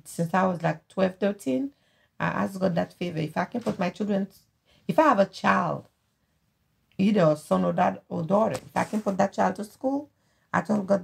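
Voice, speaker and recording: A woman's voice: medium pitch, moderate pace, vocal fry, husky. A middle-aged woman from Haiti with a Haitian accent, whose first language is Haitian Creole. She speaks earnestly and heartfelt as a guest in a casual conversation, often repeating her phrases. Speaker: guest, host's mother.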